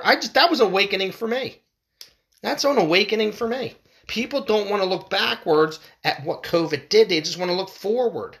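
A man rants straight to his viewers in a heated, fired-up monologue. He swears freely, repeats phrases and trips over restarts, his fairly high voice leaping up and down as he pushes his point. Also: gravelly, fairly bright tone. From United States. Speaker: vlogger.

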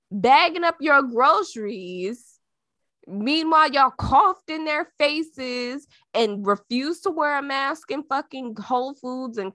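A woman's voice: sits high, bright, forceful tone, no room sound. A woman co-hosting a podcast in casual chat, ranting with a lot of profanity, her voice jumping way up when she gets worked up. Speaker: podcast co-host.

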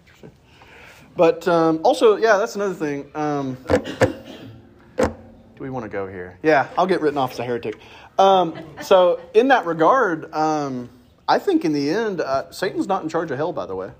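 Lively man teaching a church Bible class. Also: a little fast. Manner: animated, joking, jumps high when stressing a point.

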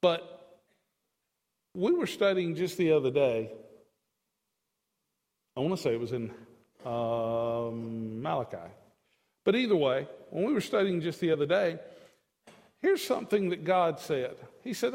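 A man preaching a sermon with passion, swinging between loud declarations and hushed pleading. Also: a little high, expressive, a little slow, long pauses, in a large hall.

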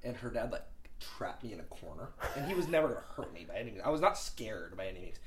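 A man in his thirties telling stories in a casual chat, animated, swearing freely and laughing as he talks. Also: lowish voice, fast, noisy background. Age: 30s.

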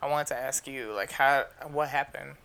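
A man's voice: medium pitch, steady tone, normal speed, creaky, sharp tone, clean tone. A young man asking his sister questions in casual conversation, speaking hesitantly.

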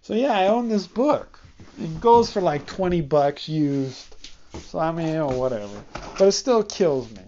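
A man's voice: on the high side, expressive, measured pace, warm tone, muffled recording, a little hiss or hum. A man with a congested nose hosting a solo podcast, rambling wryly and mocking himself as he talks straight to his listeners. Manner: wry, self-mocking, talks to listeners directly. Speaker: podcast host.

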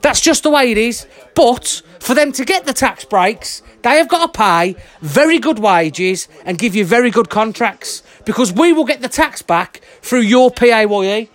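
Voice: medium pitch, animated, normal speed, few pauses. A vlogger delivering an angry monologue rant, blunt and heated, swearing constantly and sweating. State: worked up and sweating.

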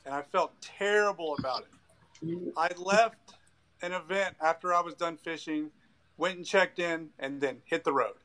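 Candid male guest, self-deprecating confession, slightly raised pitch. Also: a little slow, sharp tone. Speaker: guest angler. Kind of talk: casual podcast chat.

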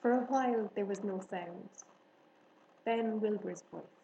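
A woman's voice: medium pitch, slow, mellow. Woman reading a storybook aloud. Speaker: audiobook reader. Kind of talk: storybook narration. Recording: roomy echo, faint hiss.

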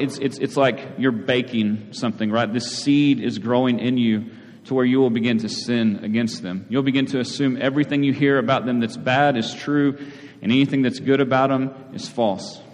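A male pastor preaching a sermon in a relaxed, conversational way, often asking "right?" and repeating words. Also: medium pitch, moderate pace. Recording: long hall reverb.

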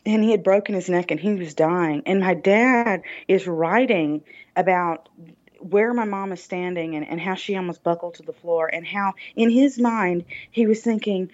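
A woman's voice: on the low side, moderate pace, a little mellow. A woman guest on a podcast interview, telling a personal story in an earnest, reflective way, often saying "you know". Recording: dull lo-fi dry recording.

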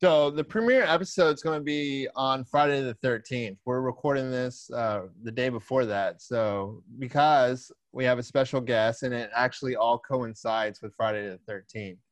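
A man co-hosts a podcast in easy, steady chat. His voice sits at a middle pitch. It is recorded dry and close, with no room sound. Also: normal speed, few pauses, dry recording. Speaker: podcast co-host.

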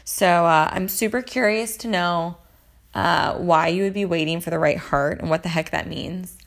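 A woman with a lowish voice and a lot of vocal fry, talking in casual chat. She rambles on about reality TV in a gossipy tone. Her talk is full of fillers. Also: moderate pace. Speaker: reality TV commentator.

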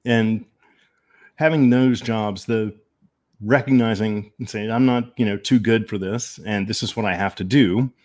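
A man talking as a podcast guest, telling his personal story in a candid, reflective, measured way with frequent pauses and ums. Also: fairly low pitch, fairly even intonation, a little mellow.

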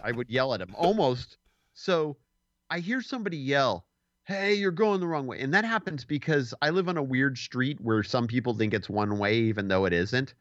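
A man's voice: mid-range voice, moderate pace, no echo, highs cut off. A man in his forties, a podcast host, telling a story in casual chat and acting out the quotes. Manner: animated storyteller, acts out quotes.

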